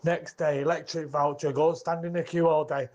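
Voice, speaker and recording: Blunt caller on a muffled line. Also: male voice, fairly high pitch, level tone, brisk, a little mellow. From Manchester, England. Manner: blunt, lists points in short clipped phrases.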